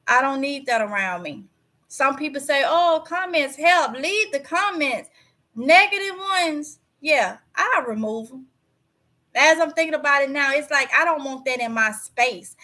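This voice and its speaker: A woman's voice: sits high, bright, forceful tone. A woman hosting a casual livestream, preachy and emphatic, repeating words for stress. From Mississippi. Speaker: YouTube channel host.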